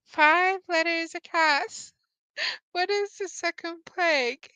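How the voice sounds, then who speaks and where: A woman's voice: extremely high pitch, takes it slowly, sharp tone, no room sound. A woman hosting a live-stream Bible trivia game. She cheerfully greets viewers, reads out their answers and laughs often. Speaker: host.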